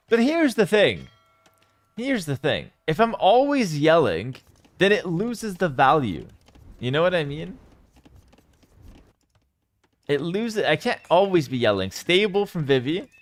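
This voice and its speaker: A man streaming live esports commentary on a strategy match, reading out chat and swinging between loud hype and low, calm play calls. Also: no echo.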